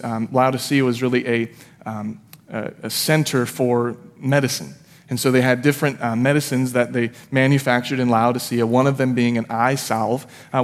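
A man in his thirties, a pastor preaching a sermon in a church, telling a personal story in a conversational way with self-deprecating asides. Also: medium pitch. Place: church sanctuary. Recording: long hall reverb.

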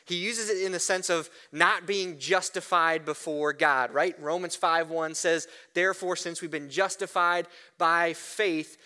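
A man preaching a sermon, animated, often asking "right?" and restarting words. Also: on the high side. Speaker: pastor.

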